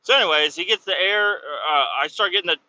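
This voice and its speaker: A man's voice: sits high, a little fast, bright, forceful tone, no room sound, highs cut off. A man driving a truck in the snow, telling a rambling, profane story in a casual, irritated way. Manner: rambling, swears constantly, irritated. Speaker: truck driver vlogging. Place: truck cab on a snowy road.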